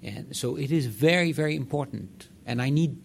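A man's voice: mid-range voice, moderate pace, creaky, slight background noise. A man executive giving direct, emphatic remarks to a meeting. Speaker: organization executive addressing a meeting. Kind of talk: conference remarks.

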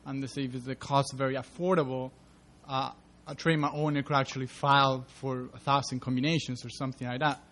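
A man's voice: medium pitch, flat delivery, a little fast, hardly any pauses, fairly bright tone. A man from a consulting firm who asks the panel a question hesitantly, with loose phrasing and many fillers. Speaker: consultant in the audience. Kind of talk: asking questions at a public meeting.

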